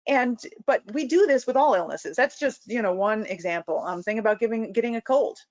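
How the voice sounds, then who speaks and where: A woman's voice: a little high, expressive, fairly quick, darkish tone, no room sound. Woman lecturing on lo-fi webinar audio. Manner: conversational, many "you know" fillers and restarts. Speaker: clinician giving a training lecture. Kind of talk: recorded training webinar lecture.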